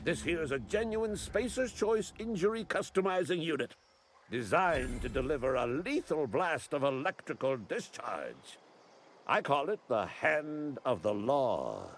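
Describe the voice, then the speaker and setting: An actor playing a boastful, gung-ho weapons dealer in a video game, barking orders and calling everyone soldier. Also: male voice, on the high side, very animated, unhurried, a little hiss or hum.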